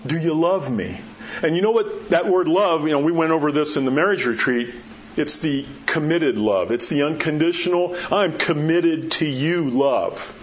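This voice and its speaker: Man, pastor, sermon, slightly high voice, conversational, muffled sound, faint hiss. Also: moderate pace. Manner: conversational preaching, acts out quotes, drops low for emphasis.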